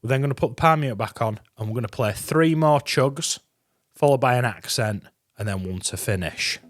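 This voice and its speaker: Chatty guitar teacher, dry sound. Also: male voice, mid-range voice, normal speed, dry recording. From England. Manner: chatty, encouraging, counts beats aloud. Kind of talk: guitar lesson walkthrough. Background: guitar playing.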